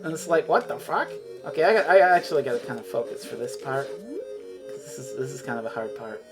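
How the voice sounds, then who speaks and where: A woman's voice: very deep voice, sing-song, a little fast, music in the background. A woman streaming a video game, rambling and swearing freely as she chats. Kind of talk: casual chat while playing a video game.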